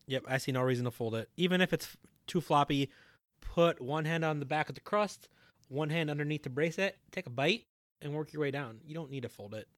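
A young man co-hosting a casual chat show, calmly and matter-of-factly explaining his food opinions. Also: a little high, a little fast, no room sound, studio quality. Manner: calm, matter-of-fact reasoning. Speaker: podcast co-host.

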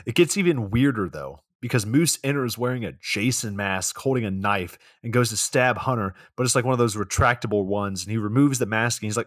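Male co-host, low and dry, loose, profane plot recap. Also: animated, brisk, hardly any pauses, no echo. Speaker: podcast co-host. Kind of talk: casual chat.

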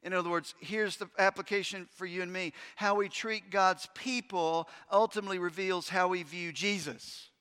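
A man preaching a sermon as pastor, emphatic, swinging between urgent loud stretches and hushed, intense ones, with conversational asides to the congregation. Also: high-pitched, fairly even intonation, normal speed, hardly any pauses, clean tone. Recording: long hall reverb.

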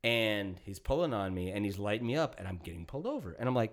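A man's voice: fairly low pitch, fast. Male podcast host in his thirties, casual and profane storyteller. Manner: profane, animated, acts out quotes.

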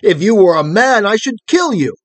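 A man's voice: medium pitch, very animated, a little slow, husky. A man playing a proud, frightened young man. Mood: wrathful. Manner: indignant, fretful and pleading.

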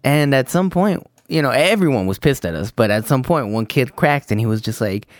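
Animated young man telling stories. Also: medium pitch, fairly quick, no room sound, studio quality. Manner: profane, animated, lots of fillers. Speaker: podcast co-host. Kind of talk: casual storytelling chat.

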